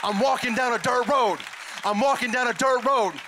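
A man giving an impassioned testimony at church, emphatic and repeating lines as he builds to shouts. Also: extremely high pitch, normal speed, a crowd in the background, background noise.

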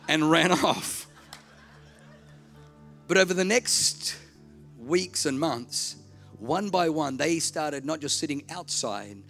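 A man preaching a sermon, telling a story and acting out the voices, swinging from hushed to shouting. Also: on the high side.

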